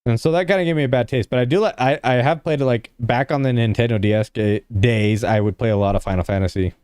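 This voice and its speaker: A man's voice: mid-range voice, fast talker, darkish tone, smooth, dry recording, clean studio sound. A young man casually chatting with his livestream viewers, rambling and filling his talk with "like". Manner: rambling, heavy use of "like" fillers; laid-back, talks to chat.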